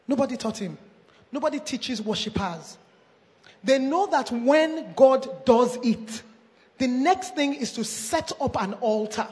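A woman preaching a sermon, reading scripture aloud with small stumbles and slowing down to stress her points. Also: a little high, expressive, a little mellow. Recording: long reverb of a large hall.

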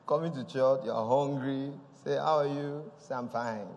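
A man preaching a lively sermon, often laughing and calling out praise. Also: medium pitch, fairly quick, hardly any pauses. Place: church. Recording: long hall reverb.

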